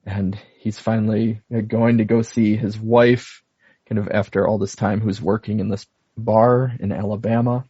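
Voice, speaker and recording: A man's voice: on the low side, little pitch movement, moderate pace, mellow, breathy edge, no room sound. A man co-hosting a podcast in casual chat, recapping a story in an amused way and laughing often. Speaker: podcast co-host. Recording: dry, slightly dull audio.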